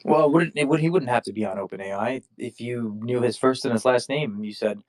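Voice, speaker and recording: A man's voice: medium pitch, brisk, hardly any pauses. A man hosting a casual discussion, rambling through his explanations with many restarts and fillers. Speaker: podcast host.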